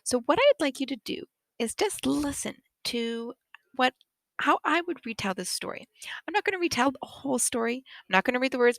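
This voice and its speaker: A woman teacher retelling a picture book to children, animated and expressive, with frequent laughs. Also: mid-range voice, gravelly, no room sound.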